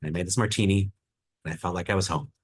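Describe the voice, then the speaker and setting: A man's voice: deep voice, steady tone, very fast. A man voicing an earnest Southern woman bartender with a Southern twang, telling a heartfelt story.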